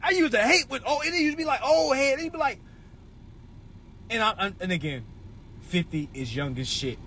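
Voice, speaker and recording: A man's voice: extremely high pitch, sing-song, moderate pace, gravelly, sharp tone, a little hiss or hum. A man in his twenties hosting a livestream, giving a blunt, profane motivational talk. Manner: blunt, preachy, swearing freely. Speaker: livestream host.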